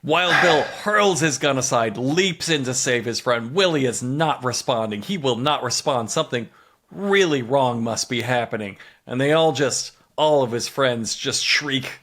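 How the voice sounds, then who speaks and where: A man co-hosting a comedy podcast, recapping a TV episode with animated, mock-dramatic storytelling. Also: mid-range voice, unhurried. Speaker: podcast co-host.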